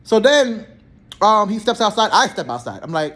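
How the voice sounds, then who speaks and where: A young man, a healthcare therapist, telling work stories in a blunt, slangy, animated way and acting out both sides of the talk. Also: high voice, normal speed. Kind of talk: casual storytelling vlog.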